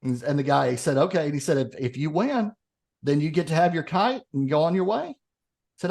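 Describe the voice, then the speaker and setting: On the high side and a little fast, this man's voice has a creaky quality. Co-hosting a podcast, he tells a long joke during casual conversation, animatedly voicing its characters as he goes.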